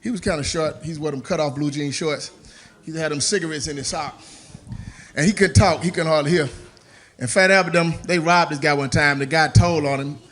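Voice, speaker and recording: Male stand-up comic, high bright voice, playful and loose, live stage. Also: a little fast. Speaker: stand-up comedian. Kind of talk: stand-up comedy set. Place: comedy stage before a live audience.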